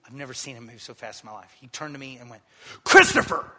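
A man pastor preaching a sermon, calling on the congregation to answer and swinging from loud exhortation to quiet storytelling. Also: medium pitch, fairly even intonation, rapid-fire, long reverb tail.

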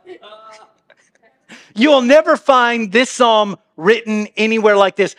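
A man with a fairly high voice delivers a sermon from a church pulpit. He keeps it humorous and conversational, swinging between booming readings and hushed, quiet asides. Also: measured pace. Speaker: pastor. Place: church sanctuary.

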